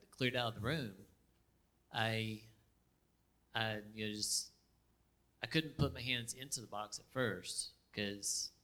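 A man tells a personal story in an easygoing, halting way, full of fillers and restarts. His voice sits at an ordinary pitch for a man. The delivery is casual and conversational. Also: pushed and bright. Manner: chatty, halting, with frequent fillers and laughs.

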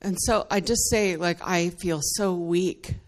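A woman's voice: fairly low pitch, fairly even intonation, a little slow. A woman giving an earnest, emotional testimony in worship, laughing between phrases and growing more fervent as she goes. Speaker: church member giving testimony.

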